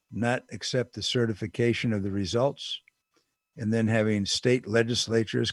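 A man's voice: lowish voice, darkish tone, dry recording, studio quality. An older man giving a casual, digressive political commentary monologue with emphatic asides.

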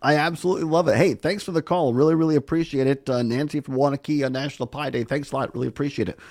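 A man's voice: medium pitch, fairly even intonation, rapid-fire, darkish tone. A middle-aged man hosting a casual local radio call-in show, upbeat and chatty. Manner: upbeat, chatty, repeats phone numbers. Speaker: radio host.

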